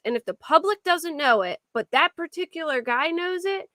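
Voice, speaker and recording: A woman's voice: sits high, expressive, moderate pace, hardly any pauses, sharp tone, no room sound, clean studio sound. A woman hosting a true crime livestream, chatting casually with viewers in a rambling way, full of restarts. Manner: rambling, restarts and filler words. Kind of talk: casual chat reacting to viewer comments.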